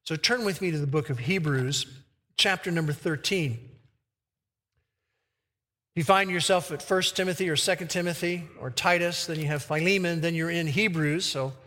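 A man preaching a sermon who reads scripture slowly and with emphasis. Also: a little high, pushed and bright, long reverb tail. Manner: slow, emphatic verse reading.

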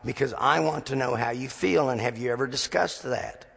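Gravelly pastor preaching in a reverberant hall. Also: male voice, mid-range voice, moderate pace, fairly bright tone. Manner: storytelling with dry humor, acting out dialogue. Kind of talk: sermon.

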